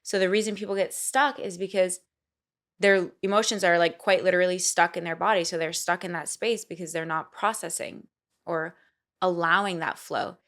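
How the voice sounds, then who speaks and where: A young woman talking as a podcast guest in casual conversation, animated and often acting out quoted inner voices. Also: fairly low pitch, normal speed. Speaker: podcast guest, singer and actor.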